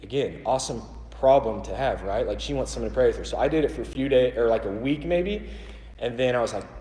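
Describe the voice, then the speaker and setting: A man speaking from a church ministry, telling stories in a casual, self-deprecating way full of "like" and "um". His voice sits at an ordinary pitch and rings through a roomy hall with a long reverb tail. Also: fairly quick, dark tone. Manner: conversational, self-deprecating, many fillers like "like" and "um". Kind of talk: storytelling church talk. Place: church auditorium.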